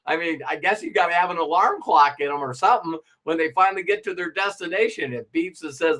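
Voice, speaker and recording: A man's voice: on the high side, fast, hardly any pauses, fairly bright tone. A middle-aged man giving a motivational talk, acting out little dialogues and laughing as he goes. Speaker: motivational speaker.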